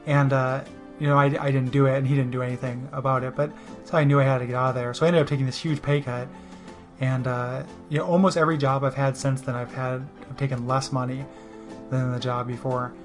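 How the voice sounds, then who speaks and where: A man's voice: medium pitch, little pitch movement, a little fast, faint music behind. Rambling self-deprecating man. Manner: rambling, self-deprecating, heavy on "you know". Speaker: storyteller. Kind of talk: casual spoken monologue.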